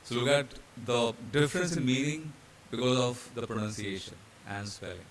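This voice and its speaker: A mid-pitched man from India teaches step by step, spelling out letters and pausing on fillers as he moves through his slides. His steady voice sits over a faint background hiss. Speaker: hotel training instructor. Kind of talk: slide-based pronunciation lesson.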